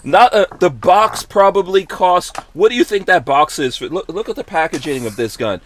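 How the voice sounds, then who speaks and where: A man's voice: high voice, animated, moderate pace, a little hiss or hum. A man hosting a podcast, chatting casually, laughing often and reading viewer comments aloud. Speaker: podcast host. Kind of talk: casual chat.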